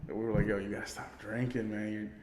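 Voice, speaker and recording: A man's voice: on the low side, flat delivery, fast talker, a little mellow, a little hiss or hum. Man telling a rowdy story in an echoey room. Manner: laughing, profane storytelling with quoted voices. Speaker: podcast co-host. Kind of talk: casual storytelling chat. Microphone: podcast microphone. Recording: echoey room with long reverb.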